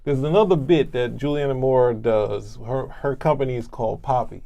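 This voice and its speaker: A man's voice: mid-range voice, normal speed, vocal fry, mellow. A man co-hosting a casual movie review, teasing and joking with the others. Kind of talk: casual film discussion.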